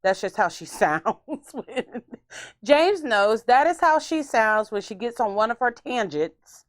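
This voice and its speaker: A woman's voice: a little high, measured pace, no echo, studio quality. A woman hosting a podcast, telling stories in a casual, theatrical way. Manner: animated, theatrical storyteller. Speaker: podcast host. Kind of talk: casual storytelling chat.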